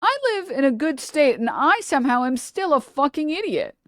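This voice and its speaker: A woman's voice: high-pitched, very animated, moderate pace, no room sound, studio quality, pitched above the performer's own voice. A woman putting on a mocking, sneering voice to play a smug, self-satisfied European centrist.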